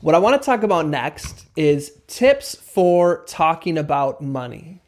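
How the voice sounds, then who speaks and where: Guy explaining negotiation tips, kinda high voice, plays out both sides of the talk. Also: animated, a little slow. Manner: acts out both sides of a conversation. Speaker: host.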